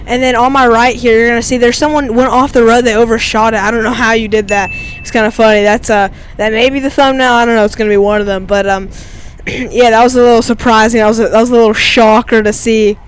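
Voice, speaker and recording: A man's voice: extremely high pitch, little pitch movement, quick pace, a little hiss or hum. A teenage boy, giving casual, rambling voice-over commentary over his own race footage and filling his talk with "like". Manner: rambling and chatty, heavy on "like" fillers. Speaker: amateur bike racer and vlogger.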